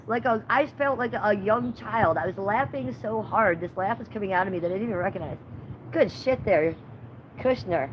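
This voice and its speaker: A woman's voice: mid-range voice, fairly quick, slight background noise, low-quality recording. Woman on her livestream ranting gossip, cussing a lot, rambly. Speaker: livestream host.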